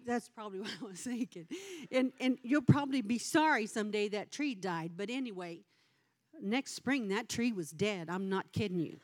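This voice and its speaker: An older woman preaching a sermon, a folksy and animated storyteller who has the congregation repeat phrases after her. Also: medium pitch, normal speed. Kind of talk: sermon with personal stories.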